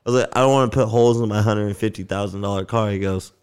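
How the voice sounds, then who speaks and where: A man chats casually on a podcast, telling animated stories full of swearing. His voice is smooth and fairly low. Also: racing. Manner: animated storyteller, swears a lot, acts out quotes. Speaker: podcast co-host. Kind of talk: casual chat.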